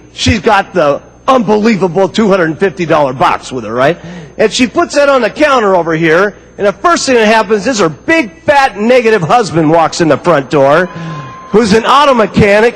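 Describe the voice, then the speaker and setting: A man with an unusually high voice delivers a lively sales speech. He tells an anecdote with theatrical flair and a storyteller's timing. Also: long reverb tail, poor audio. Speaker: motivational speaker. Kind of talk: animated sales speech with acted scenes.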